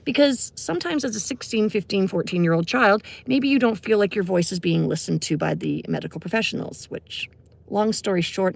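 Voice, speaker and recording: A middle-aged woman recounts a personal story on a casual livestream. Her voice sits at a middle pitch with a heavy vocal fry that runs through her sentences, and she talks in a loose, chatty way, with many "you know" and "um" asides. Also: a little fast. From Canada. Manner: conversational, many fillers and asides. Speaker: music teacher.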